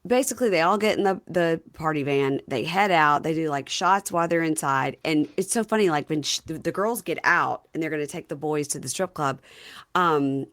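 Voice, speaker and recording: A chatty woman hosts a podcast, recapping a reality show in a loose, conversational way. Her voice sits a little on the low side, and she retells scenes with lively energy. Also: a little fast. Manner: chatty, animated retelling with quoted lines. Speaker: podcast host. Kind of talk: casual recap chat.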